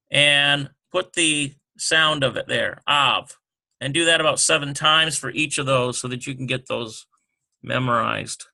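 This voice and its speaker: A man gives an unhurried, informal language lesson, pausing often to think aloud. His slightly high voice is gravelly, with a sharp, bright edge. He drawls through each word at a very slow pace. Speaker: Hebrew teacher.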